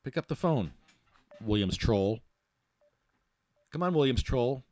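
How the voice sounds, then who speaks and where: Male podcast host, casual ranting monologue, lively pitch, stumbles and restarts. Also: takes it slowly, dry recording. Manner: rambling, blunt, with many restarts and fillers.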